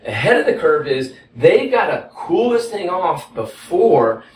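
A man's voice: a little high, big pitch swings, measured pace, roomy sound, far from the mic, a little hiss or hum, low-quality recording. A man with a Texas accent teaching economics at a whiteboard, folksy and conversational, often checking in with "okay?". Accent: Texan. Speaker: economics instructor. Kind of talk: whiteboard lecture.

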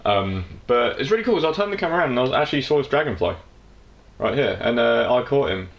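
A man's voice: mid-range voice, sing-song, quick pace, gravelly, muffled recording. A young English man giving casual, rambling gameplay commentary, jokey and sweary. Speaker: let's play streamer.

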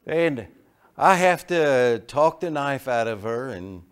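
A middle-aged man preaching a sermon, telling folksy stories and moving between quiet asides and loud emphasis. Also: mid-range voice, animated, takes it slowly, smooth. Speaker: pastor. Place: church sanctuary.

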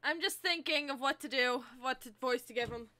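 A woman's voice: high voice, brisk, bright, forceful tone. A woman streamer giving casual commentary while playing a game, exasperated and profane, with frequent sighs.

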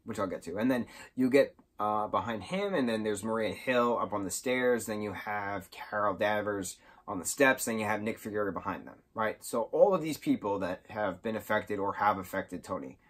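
A man giving a casual, excitable spoken recap of a film, rambling and sometimes losing his train of thought. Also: fairly low pitch, moderate pace, hardly any pauses. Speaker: movie reviewer.

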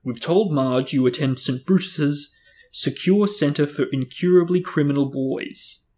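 A man reading aloud and voicing a blustering, bullying middle-aged uncle who snarls threats, a little louder and higher than his own voice. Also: a little slow, natural voice. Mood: gruff.

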